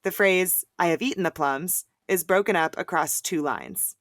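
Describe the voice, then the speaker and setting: A woman's voice: on the low side, moderate pace, no room sound. Upbeat woman teaching poetry, dry sound. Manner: clear, upbeat, chanting rhythms aloud. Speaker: host of a poetry lesson. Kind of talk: scripted educational explanation.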